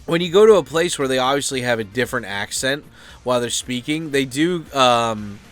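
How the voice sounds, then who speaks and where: A man's voice: mid-range voice, lively intonation, brisk, a bit bright, soft background music. An American man chatting loosely and off-topic, full of fillers, swearing and asides. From United States. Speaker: vlogger. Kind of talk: rambling casual chat.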